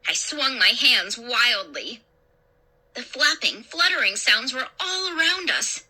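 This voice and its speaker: A woman storyteller reading a first-person horror story in a dramatic, expressive way. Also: on the high side, slow pace. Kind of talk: scripted horror story narration.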